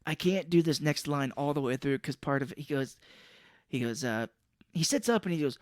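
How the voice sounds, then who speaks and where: A man's voice: medium pitch, normal speed, no echo, clean studio sound. A man co-hosting a casual movie podcast, animatedly recounting scenes. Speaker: podcast co-host.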